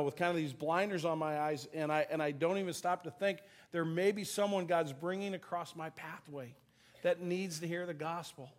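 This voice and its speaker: A middle-aged male pastor gives a sermon in a relaxed, storytelling manner and pokes fun at himself. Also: on the high side. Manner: conversational storytelling, self-deprecating, laughs at himself. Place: church sanctuary.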